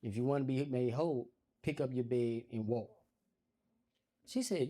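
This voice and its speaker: A man's voice: mid-range voice, moderate pace. A man doing stand-up storytelling on a comedy stage, acting out quotes in a raised voice. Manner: animated, acts out quotes in raised voice.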